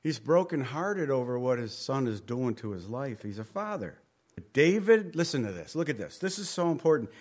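A man's voice: mid-range voice, very animated, moderate pace. A man preaching a Bible study sermon in a conversational way, rising and falling in volume and sometimes dropping almost to a whisper. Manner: conversational, varies volume, drops to near whisper. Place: room with a group.

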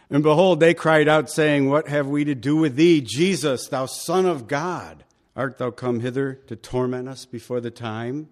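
A male pastor giving a verse-by-verse Bible teaching sermon, conversational and emphatic, with chatty asides to the congregation. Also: mid-range voice.

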